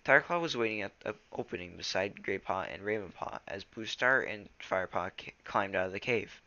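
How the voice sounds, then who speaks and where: A man's voice: lowish voice, fairly quick, sharp tone, muffled recording. A teenage boy reading a novel aloud and then chatting casually, stumbling over words and restarting them. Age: teens. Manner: loose, rambling chat with fillers. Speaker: reader.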